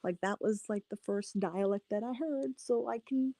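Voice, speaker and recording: A woman's voice: medium pitch, moderate pace, mellow, no room sound. Chatty woman with a slight Boston accent. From Boston area, later Canada. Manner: chatty, lots of "like" fillers. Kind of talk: casual chat.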